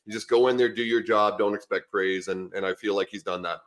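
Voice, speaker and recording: A middle-aged Canadian man, a guest on a podcast, speaks in a lowish voice. He wanders through stories with plenty of fillers and false starts, relaxed and chatty. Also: a little fast. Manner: easygoing, rambling storyteller with many fillers and restarts. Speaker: podcast guest, former lineman and coach. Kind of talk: casual podcast chat.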